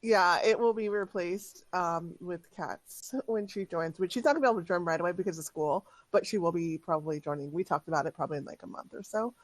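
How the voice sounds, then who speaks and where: A woman's voice: on the low side, a little fast, hardly any pauses, dry recording. A woman who is the game master, chatting casually before a tabletop session in a talkative way with lots of filler words.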